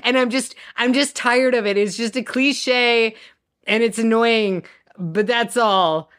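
A woman's voice: fairly high pitch, takes it slowly, fairly bright tone. A woman in her thirties co-hosting a podcast, chatting and ranting casually with many restarts. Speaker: podcast co-host. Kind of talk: casual chat.

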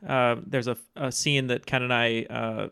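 A man answering movie trivia in an easy, dry, unhurried way. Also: mid-range voice, flat delivery, gravelly, sharp tone, smooth, dry recording. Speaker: trivia contestant. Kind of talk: casual game chat.

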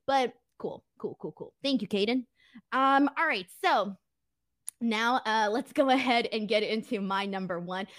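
A woman's voice: on the high side, unhurried, fairly bright tone, no room sound. Chatty woman with a dry close sound. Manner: chatty, giggly, many "like"s. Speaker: host. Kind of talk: casual podcast chat, reading viewer messages.

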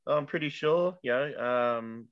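A man's voice: mid-range voice, measured pace. Wry man on a dull mic. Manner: wry, jokey. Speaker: wrestling podcast co-host. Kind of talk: casual chat.

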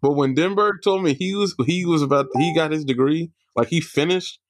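A young man co-hosting a podcast who tells stories in a lively, casual way and laughs often. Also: on the high side, brisk, crowd noise. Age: young adult. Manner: animated storyteller, laughs often. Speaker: podcast co-host. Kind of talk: casual chat.

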